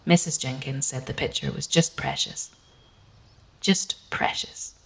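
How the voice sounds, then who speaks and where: Low-voiced woman reading plainly. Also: steady tone, normal speed, vocal fry. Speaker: audiobook reader. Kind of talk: first-person storybook narration.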